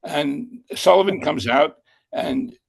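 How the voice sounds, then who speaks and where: Gravelly older man spinning a yarn. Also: on the high side, expressive, slow. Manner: rambling, with many fillers and self-corrections. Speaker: guest. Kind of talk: casual anecdote telling.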